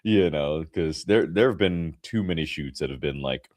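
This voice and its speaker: A young man with a very low voice tells an animated story, full of fillers and laughter. The sound is dry and close, like a video call. He talks casually, as one actor chatting with another. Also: a little fast, hardly any pauses, no echo. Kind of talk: casual chat. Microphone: remote video call.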